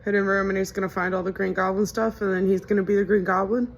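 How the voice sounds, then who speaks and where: A woman's voice: mid-range voice, flat delivery, fast. A young woman in casual movie reaction commentary, chatty and wry, often incredulous and laughing.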